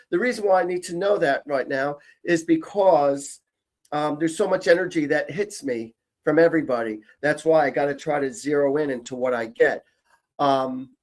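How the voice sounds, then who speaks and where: A man from Canada, a psychic medium, chatting upbeat with viewers on a live stream and often repeating himself. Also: fairly high pitch. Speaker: psychic medium, show host.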